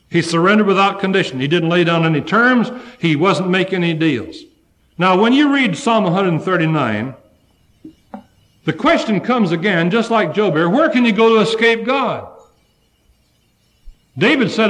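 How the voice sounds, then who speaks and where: A man preaching a sermon to a congregation, swinging from loud fervent cries to low, hushed passages. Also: expressive, normal speed.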